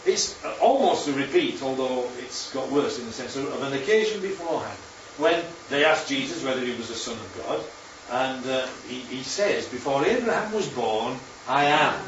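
In a roomy, distant and muffled hall recording with slight background noise, a man gives informal Bible teaching with slides. His mid-range voice has lively intonation at a normal speed with few pauses, and he chats and checks in with listeners a lot.

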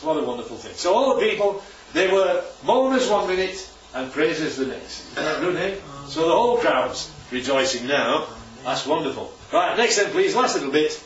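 Chatty preacher in a roomy hall. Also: male voice, a little high, fairly bright tone, a little hiss or hum. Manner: chatty, keeps asking the congregation "right?". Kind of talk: informal church talk with slides. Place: church hall. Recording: roomy, distant and dull church recording.

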